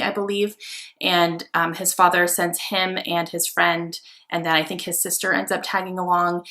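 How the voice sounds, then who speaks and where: Young woman, book vlogger, excitable casual chat, bright tone, lowish voice. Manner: chatty, excitable, many fillers.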